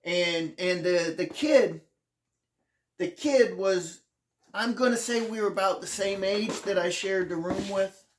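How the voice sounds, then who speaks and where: The channel host shares a memoir with earnest hesitation, restarting sentences often and sometimes sounding on the verge of tears. A mid-range voice comes through a roomy recording with a little hiss or hum.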